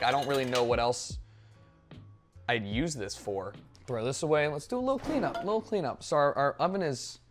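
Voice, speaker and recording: A young man streaming himself cooking, chatting casually in a joking, profane, rambling way with sudden loud outbursts. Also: medium pitch. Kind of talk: casual live-stream chat while cooking.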